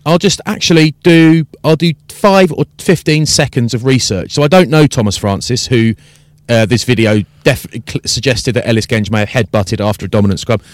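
A man hosting a casual podcast chat, telling an animated story and acting out the exchanges. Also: mid-range voice, normal speed, few pauses, no room sound. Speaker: podcast host and rugby commentator.

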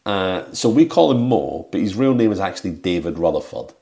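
A man's voice: low voice, expressive, brisk, creaky, warm tone. A man with a British accent, co-hosting a casual film podcast, playful and teasing as he retells scenes. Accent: British English. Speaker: podcast co-host. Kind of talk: casual chat.

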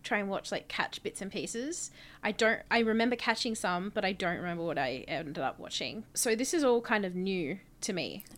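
A woman co-hosts a casual podcast chat, her pitch bouncing all over as she talks. She giggles often and keeps the talk animated. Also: normal speed. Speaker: podcast co-host.

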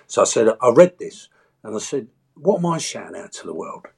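Guy in his 60s, low husky voice, chatty storyteller doing little voices. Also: fairly quick. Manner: animated storyteller, acts out voices and quotes. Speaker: actor and entertainer, guest. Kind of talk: casual interview chat.

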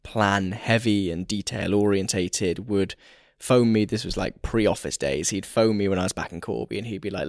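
A man hosting a solo podcast, talking in a reflective, candid, rambling way while hoarse and losing his voice. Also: lowish voice, normal speed, few pauses, no room sound, clean studio sound. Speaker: podcast host.

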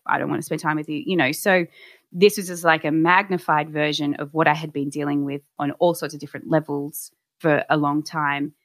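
A woman's voice: sits low, fairly bright tone, dry recording. A young adult woman speaking candidly and reflectively about her own experiences, in a personal storytelling style with frequent restarts.

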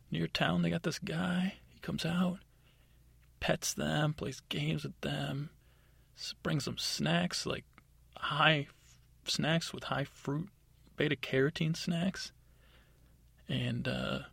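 Male storyteller, rambling and offhand, gravelly tone with a touch of husk, dry close mic, pops into high excited character voices. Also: takes it slowly, no echo. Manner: rambling, offhand, full of fillers. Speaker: podcast storyteller. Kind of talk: improvised bedtime story narration.

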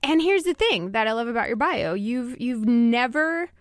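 A woman's voice: a little high, expressive, moderate pace, no room sound, studio quality. A woman hosting a radio talk show, upbeat and chatty, laughing often. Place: radio studio.

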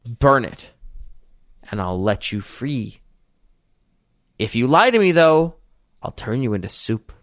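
A man's voice: medium pitch, big pitch swings, slow, long pauses, dry recording, studio quality. A man voicing a petulant, menacing male captor who threatens to turn people into soup. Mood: scheming. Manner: childish, stubborn, menacing.

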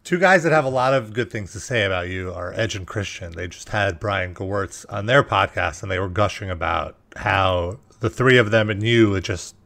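A man's voice: on the low side, normal speed, vocal fry, hardly any pauses, pushed and bright. Man hosting a casual podcast interview. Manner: brief backchannel, longer questions. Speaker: podcast host.

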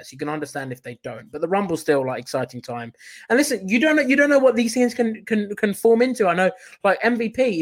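A young man co-hosting a casual livestream, eager and full of halting restarts. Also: high voice. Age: young adult. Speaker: co-host.

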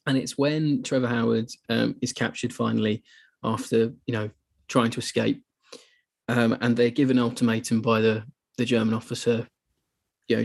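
Husky guy on a podcast, gets really into it retelling film scenes. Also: medium pitch, normal speed. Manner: enthusiastic, animated when retelling scenes. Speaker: podcast co-host. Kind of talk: casual podcast chat.

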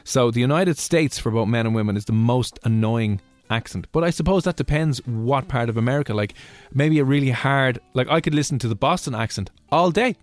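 A man from Ireland co-hosting a radio show, chatting casually and joking with quick asides. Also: medium pitch, dry recording, faint music behind. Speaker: radio co-host. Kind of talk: casual chat.

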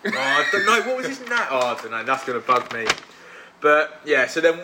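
A man's voice: on the high side, sing-song, a little fast, background noise. A man hosting a casual podcast chat with his mates, telling a story and acting out what people said. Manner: chatty storyteller, acts out quotes. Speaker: podcast host.

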